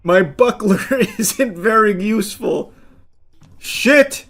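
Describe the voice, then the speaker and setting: A man giving excitable gameplay commentary, swearing, yelling and laughing at the game. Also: a little high, moderate pace. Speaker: gaming commentator.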